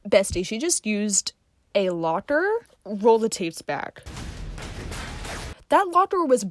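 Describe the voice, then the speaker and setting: A woman's voice: medium pitch, very animated, slow pace, slight background noise. A young woman hosting a casual reaction vlog, slangy and sarcastic. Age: young adult. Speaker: vlogger, host.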